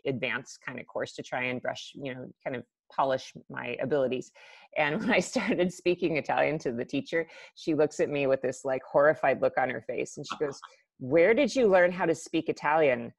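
A woman's voice: very deep voice, no room sound. A woman hosting a casual chat, talking freely with lots of "like" fillers. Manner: chatty, uses many fillers like "like". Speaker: host.

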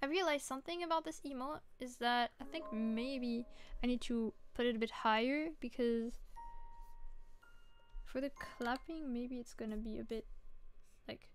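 A woman's voice: a little high, normal speed, long pauses, slight background noise. A woman streaming her art and chatting casually with her viewers while she draws. She sounds sleepy and keeps fighting off yawns, but stays bubbly and playful. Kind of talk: casual chat while drawing.

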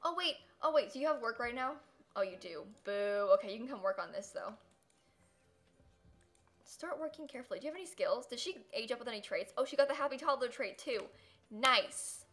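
A young woman streaming a life-sim game, chatting casually with viewers, giggling often and quick to dramatic outbursts. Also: a little high, expressive, fairly bright tone. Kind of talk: live gameplay commentary.

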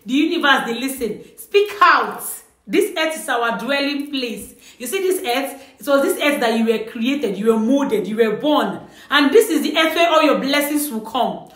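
A woman's voice: high voice, animated, normal speed. Earnest woman, echoey room. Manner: earnest, repetitive, addresses viewer directly. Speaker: vlogger giving spiritual advice. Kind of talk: casual direct-to-camera advice.

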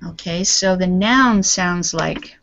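A woman's voice: lowish voice, slow pace, a bit bright. A woman teaching an English lesson over a video call, patiently explaining words and modelling pronunciation. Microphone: computer mic on a video call. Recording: dull lo-fi call audio.

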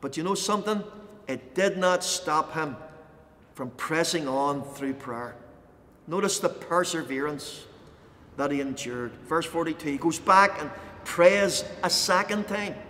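A man preaching a sermon as pastor, impassioned, pausing dramatically and raising intensity when quoting. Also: fairly high pitch, sharp tone, long reverb tail, slight background noise. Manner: impassioned, dramatic pauses, voices quoted lines with rising intensity. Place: church.

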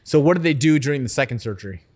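A man hosting a podcast interview, asking short, calm follow-up questions. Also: mid-range voice, rapid-fire. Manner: brief affirming backchannels, calm follow-up questions. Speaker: podcast host. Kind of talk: interview conversation.

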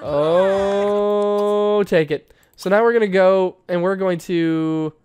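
A young man giving playful, excitable commentary while playing a life-sim game, laughing often. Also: high-pitched, slow pace, smooth. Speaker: gaming YouTuber. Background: faint game music.

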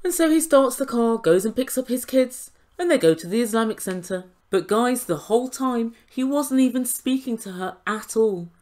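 A woman's voice: fairly high pitch, expressive, moderate pace, hardly any pauses, darkish tone. A woman giving an indignant, sarcastic recap and review of a reality TV show, swearing now and then.

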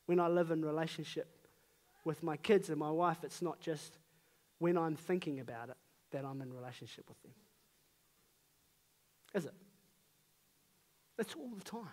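A man's voice: a little high, normal speed, pauses often, darkish tone. A man in his thirties with a New Zealand accent, preaching a sermon in an earnest, conversational way with emphatic rises on key phrases.

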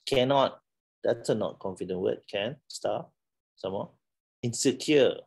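A man's voice: mid-range voice, a little slow, creaky, darkish tone, slightly rough. A middle-aged man with a Malaysian English accent, giving a playful, teasing classroom talk and laughing often. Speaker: lecturer.

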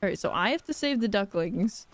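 A young woman live-streaming a game playthrough, playful and giggly, reacting out loud. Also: medium pitch, animated, brisk.

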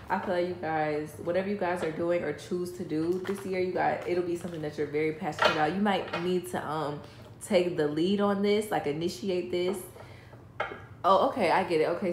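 A woman giving a casual, chatty tarot reading, talking straight to her viewers with enthusiasm. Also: lowish voice. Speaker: tarot reader. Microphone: voice-over, face not shown. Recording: echoey room with clicking noise.

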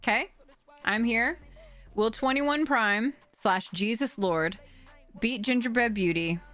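A young adult woman hosts a live stream and talks excitedly to her viewers, swearing and laughing as she reads out donations. Her voice sits a little high. Faint music plays under her. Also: takes it slowly.

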